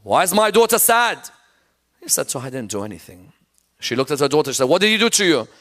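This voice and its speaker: A man's voice: mid-range voice, big pitch swings, very fast, fairly bright tone. A man delivering a religious sermon, telling a tragic story and rising into a chant-like lament. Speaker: Islamic lecturer.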